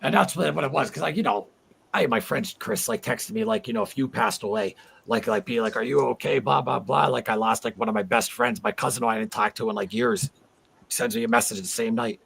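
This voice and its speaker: A man's voice: medium pitch, expressive, fairly quick, creaky, fairly bright tone, husky. A man in his forties hosting a casual livestream chat, rambling and heartfelt as he reads viewer comments aloud. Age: 40s. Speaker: livestream host.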